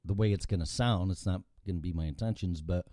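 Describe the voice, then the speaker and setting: A man's voice: deep voice, fast, warm tone, dry recording, clean studio sound. A man from Chicago with a Chicago accent, hosting a casual talk show and chatting bluntly, swearing freely as he tells stories. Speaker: radio show host. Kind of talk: casual chat.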